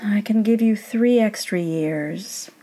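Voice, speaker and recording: A woman's voice: mid-range voice, slow pace, dark tone. A woman reading aloud and voicing Death, a weary, blunt male figure who haggles grudgingly. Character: weary, dry-witted male Death in a sackcloth robe.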